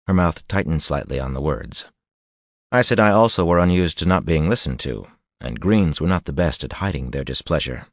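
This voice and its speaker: A man reading a fantasy audiobook in a steady, even storytelling manner. His voice sits deep and the recording is close and completely dry. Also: brisk, no echo. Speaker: audiobook narrator. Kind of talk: scripted narration.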